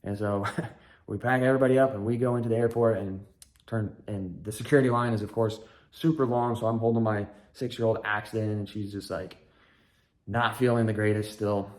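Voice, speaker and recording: A man's voice: fairly low pitch, steady tone, a little fast. A man in his thirties hosting a podcast, telling a rambling family story in a candid, casual way with dry self-mocking humor. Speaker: podcast host, father.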